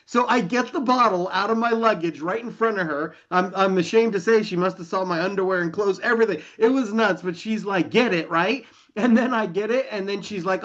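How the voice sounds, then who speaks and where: A man, a company leader, telling an animated story to an online meeting and acting out the dialogue. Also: high-pitched, brisk, dull audio. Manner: energetic, enthusiastic, acts out dialogue.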